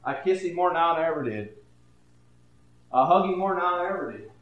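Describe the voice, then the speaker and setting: An older man preaching a sermon, dropping to a hush and then rising loud, often stammering into repeats. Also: a little high, expressive, reverberant, muffled recording. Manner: swings between hushed and loud, halting repeats.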